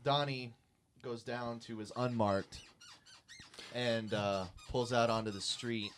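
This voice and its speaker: A man haltingly narrating his character's actions in a tabletop game. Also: medium pitch, steady tone, fairly bright tone, a little hiss or hum. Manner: halting, many fillers.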